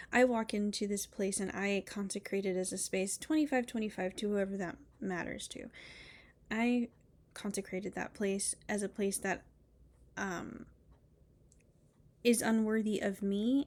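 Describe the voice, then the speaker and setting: A woman giving a casual spiritual monologue. She speaks emphatically and bluntly, repeats herself for effect, swears, and sometimes drops to a hushed whisper. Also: mid-range voice. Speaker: spiritual reader.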